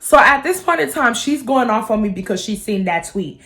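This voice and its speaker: Animated young woman telling a story. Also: on the high side, moderate pace. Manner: animated, chatty, swears and laughs. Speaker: vlogger. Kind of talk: casual storytime vlog.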